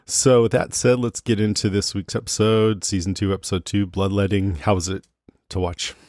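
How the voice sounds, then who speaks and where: Man co-host, lowish voice, relaxed recap chat, dry booth sound. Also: moderate pace, dry recording. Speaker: podcast co-host.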